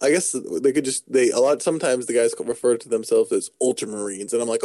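A man's voice: mid-range voice, fast, warm tone, no echo. A man, co-hosting a casual gaming chat, rambling and joking with lots of fillers. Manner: rambling, jokey, many fillers and restarts. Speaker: podcast co-host.

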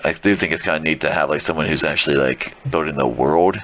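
A man's voice: a bass voice, fast, fairly bright tone. A man in casual chat, rambling and unsure, with lots of fillers.

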